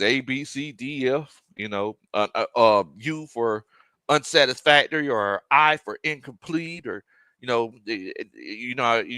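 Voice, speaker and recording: A man hosting a casual sports live stream, reading viewer comments aloud, animated and laughing often. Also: medium pitch, no echo. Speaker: sports show host.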